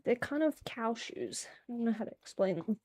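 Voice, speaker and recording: A woman's voice: a little high, moderate pace, darkish tone, breathy edge. A young woman streaming casually and chatting in a rambling, joking way while she packs. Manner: rambling, joking, self-deprecating. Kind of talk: casual live-stream chat.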